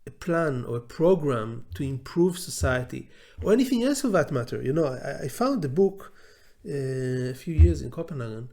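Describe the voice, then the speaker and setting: A man's voice: medium pitch, lively intonation, moderate pace, warm tone. A man with an Israeli accent giving an unscripted lecture, blunt and hesitant, with many filler sounds.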